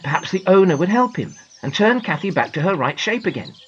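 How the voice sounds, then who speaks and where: A woman narrating a children's storybook in a gentle, expressive manner. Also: fairly low pitch, a little fast, dull audio, slight background noise.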